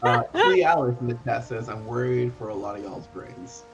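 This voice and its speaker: A man's voice: medium pitch, lively intonation, normal speed, over loud music. A man co-hosting a casual gaming stream, chatting and telling stories in an easy, loose way. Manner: chatty, nostalgic storytelling. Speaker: stream co-host.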